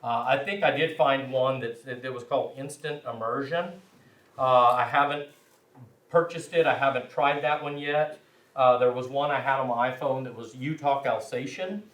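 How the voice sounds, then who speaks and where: A man's voice: mid-range voice, fairly even intonation, normal speed, fairly bright tone. A man teaching a language class, chatty and informal, often checking in with his students. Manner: chatty, frequent "right?" check-ins, self-deprecating. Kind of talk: classroom instruction. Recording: roomy, distant, faint hiss.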